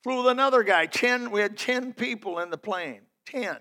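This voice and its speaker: A man's voice: extremely high pitch, normal speed, pushed and bright. A man preaching a sermon, telling folksy personal stories in an emphatic, building delivery.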